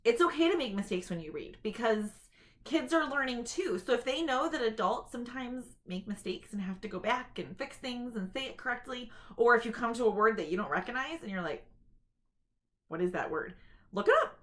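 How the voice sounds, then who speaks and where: A woman's voice: a little high, lively intonation. A woman giving an informal talk to camera, sharing tips on reading aloud to children in a chatty, explanatory way. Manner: chatty and explanatory, with quick read-aloud demonstrations.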